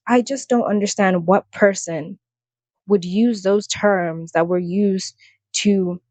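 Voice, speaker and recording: A woman's voice: mid-range voice, no room sound. A young woman giving a heated, sarcastic commentary rant to the camera, exasperated and blunt. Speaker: commentary vlogger.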